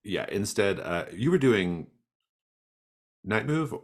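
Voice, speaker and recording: Deep-voiced male game master. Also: very animated. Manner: casual, halting. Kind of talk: running a tabletop game.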